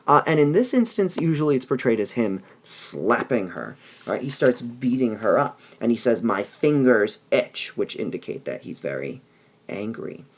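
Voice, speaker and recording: A man with a gravelly, creaky voice teaching a literature lesson. He explains patiently and keeps checking in with the class as he talks. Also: medium pitch, sing-song, moderate pace. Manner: explanatory, with frequent "all right?" checks. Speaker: English teacher. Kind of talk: recorded lesson.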